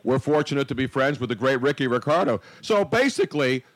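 A man's voice: mid-range voice, lively intonation, brisk, poor audio. A man hosting a casual podcast, talking emphatically and repeating phrases for effect. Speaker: host.

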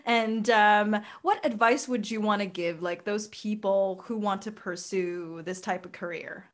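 A woman's voice: mid-range voice, a little slow. A woman hosting a casual interview, encouraging her guest and laughing along. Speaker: interview host.

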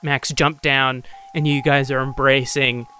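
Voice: mid-range voice, little pitch movement, a little slow, pushed and bright, soft background music. A game master narrating a tabletop game scene in a loose way full of fillers.

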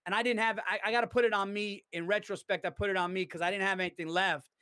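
A stand-up comedian chats on a podcast, his voice sitting fairly high. The sound is dry and close, with no room around it. He tells stories with energy, acting out the lines of the people in them. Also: fast talker, clean tone, no echo. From New York. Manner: animated storyteller, swears freely, acts out quotes. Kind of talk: casual podcast chat.

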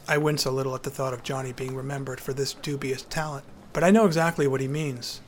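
A man's voice: mid-range voice, fairly even intonation, quick pace, hardly any pauses. A man narrating his own memoir in a wry, conversational storytelling manner.

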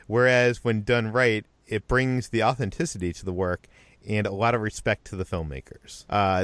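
A man's voice: lowish voice, clean tone, no echo. A man from Boston hosting a podcast, reading listener mail in casual chat and stumbling over many fillers and restarts. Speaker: podcast host.

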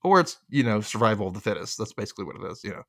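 A man's voice: on the low side, very animated, racing, fairly bright tone. A man hosting a casual recap podcast, a little tipsy, swearing freely and laughing often. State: tipsy from drinking. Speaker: podcast host.

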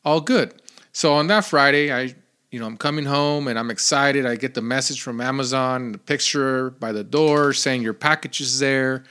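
A man hosting his own podcast, telling a rambling story in a casual, animated way with lots of fillers. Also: mid-range voice, normal speed, smooth. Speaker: podcast host.

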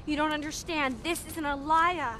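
A woman's voice: sits high, fairly even intonation, moderate pace, lightly acted. Cher, a whiny spoiled teen girl, played by an actress. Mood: dismissive. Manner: whiny, dismissive. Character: spoiled rich teenage girl, fussy about fashion. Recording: film clip with loud background noise.

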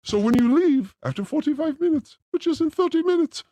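A man's voice: very high-pitched, expressive, fairly quick, mellow, no echo. A man hosting a podcast with a crude, theatrical, joking manner. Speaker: podcast host. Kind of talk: crude casual banter.

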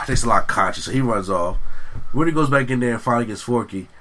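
A man's voice: mid-range voice, fast talker, bright, forceful tone. A man casually retelling a film plot to friends, acting out the characters' lines as he goes. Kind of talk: casual movie recap chat.

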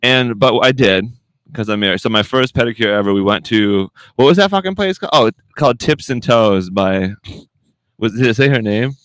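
Young male podcast host, lowish voice, loose and profane, close dry mic. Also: expressive, moderate pace, dry recording. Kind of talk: casual podcast banter.

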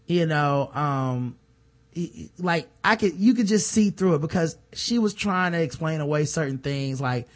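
A man co-hosting a podcast, chatting casually and reading listener emails aloud with low muttered asides. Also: moderate pace. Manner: laid-back, drops into a low mutter for asides, reads letters aloud. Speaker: podcast co-host.

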